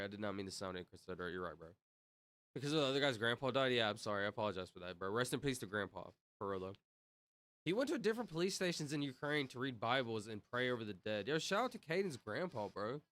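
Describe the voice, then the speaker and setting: A man's voice: medium pitch, bright, forceful tone, dry recording. A young man chatting casually on a livestream, reading out comments and reacting in slang. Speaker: streamer.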